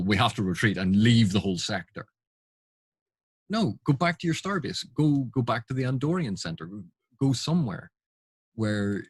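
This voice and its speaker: A man's voice: medium pitch, darkish tone, breathy edge, no echo. A man giving unscripted reaction commentary, exasperated and full of rhetorical questions. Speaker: film and TV critic.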